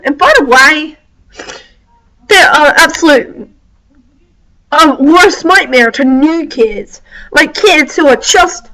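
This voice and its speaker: A woman's voice: high-pitched, a bit bright, rough recording. A woman ranting angrily and swearing a lot, her talk full of "like" and "I mean". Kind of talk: angry rant.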